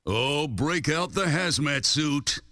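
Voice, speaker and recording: A man on a sports radio show dropping quick comic one-liners. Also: fairly high pitch, expressive, sharp tone.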